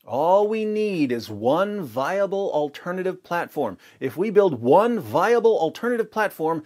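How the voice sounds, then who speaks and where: A man's voice: sits high, sing-song, unhurried, darkish tone. A man hosting his own video channel, delivering emphatic, argumentative commentary straight to the camera. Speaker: video host.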